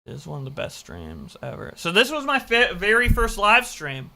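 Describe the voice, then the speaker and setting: Excitable, swearing reaction streamer. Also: medium pitch, moderate pace, creaky. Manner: swearing, excitable, self-mocking. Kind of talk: casual reaction commentary.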